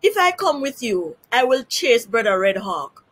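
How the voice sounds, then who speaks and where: A woman voicing the sly male spider trickster Anansi in a storybook reading, smooth and persuasive. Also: a little high, sing-song, measured pace, fairly bright tone, heavily acted. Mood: coaxing.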